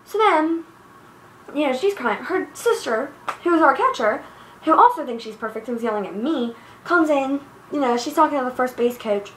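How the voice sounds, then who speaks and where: A teenage girl rants with profane exasperation in a bright, high voice. She rambles from point to point, recorded on a handheld device's built-in mic in an echoey room. A faint hiss sits under her voice. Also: animated, normal speed. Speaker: vlogger. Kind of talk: angry personal rant. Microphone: iPod built-in mic.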